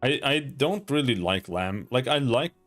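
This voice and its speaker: A man's voice: mid-range voice, animated, measured pace, fairly bright tone, faint music behind. A young man with a Swedish accent, chatting casually and rambling on a gaming livestream, swearing now and then. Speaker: streamer.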